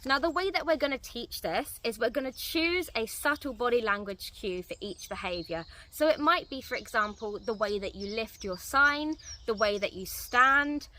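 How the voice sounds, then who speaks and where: A woman dog trainer giving a clear, step-by-step tutorial outdoors. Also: on the high side, animated, moderate pace, hardly any pauses, bright, forceful tone. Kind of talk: instructional tutorial. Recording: distant mic, faint outdoor noise.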